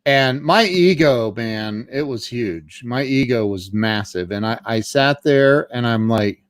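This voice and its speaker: A middle-aged man recounting his own past in a candid, halting way, often stammering and restarting. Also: fairly low pitch, no echo. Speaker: guest telling his story. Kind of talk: candid personal storytelling.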